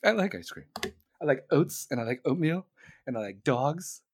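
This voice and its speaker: Guy doing a soft low mumbly old president, lost and rambling. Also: sing-song, slightly rough, full character voice. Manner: mumbling, meandering, halting. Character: confused, rambling elderly male president.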